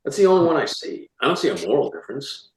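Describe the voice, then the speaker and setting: A man speaking as an author guest in a casual interview, animated, with quick restarts and repeated words. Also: mid-range voice. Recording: roomy echo.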